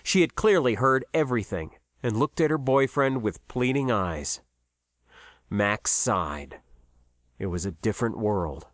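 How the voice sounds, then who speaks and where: A man narrating a science fiction story in a measured, expressive way. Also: fairly low pitch, dry recording, clean studio sound. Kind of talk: audiobook narration.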